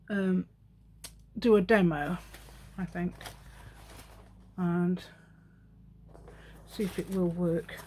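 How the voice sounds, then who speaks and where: A woman's voice: medium pitch, darkish tone, a little hiss or hum. A woman in her fifties chatting and rambling as she makes a craft piece at home, talking to herself and laughing often. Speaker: craft vlogger.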